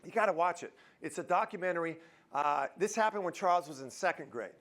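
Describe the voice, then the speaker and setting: This motivational speaker's voice is a little high, and he talks fast. Live on stage at a university auditorium, he keeps things lively with jokes and questions for the audience.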